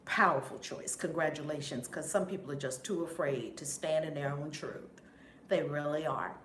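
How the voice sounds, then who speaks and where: A woman reverend hosting a live stream, warmly greeting chat viewers one by one in an effusive, upbeat way. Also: deep voice, normal speed. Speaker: reverend and spiritual teacher. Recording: roomy echo, faint background noise.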